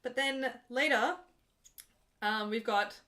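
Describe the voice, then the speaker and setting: Bright-voiced woman opera singer chatting. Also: fairly high pitch, slow pace. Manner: chatty and joking, breaks into full operatic singing. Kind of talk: live stream chat and teaching.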